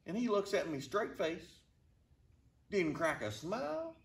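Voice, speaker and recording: A man casually telling a funny travel story to his channel, with a slow, deadpan drawl. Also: high-pitched. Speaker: storyteller vlogger. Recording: roomy, distant from the mic.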